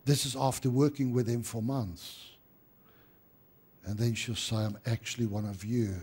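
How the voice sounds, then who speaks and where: A man delivering a church sermon in a middle-pitched voice. He leans on words for emphasis and sinks to near-hushed tones for heavy moments. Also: steady tone, unhurried, breathy edge. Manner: emphatic preaching with dramatic drops to a hushed voice. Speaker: pastor.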